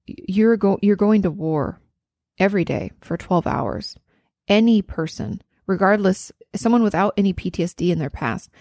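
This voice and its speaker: A woman's voice: mid-range voice, a little mellow, no room sound, clean studio sound. A woman in her thirties giving a listener earnest, reassuring advice in a casual podcast chat, now and then swearing. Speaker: therapist answering a listener.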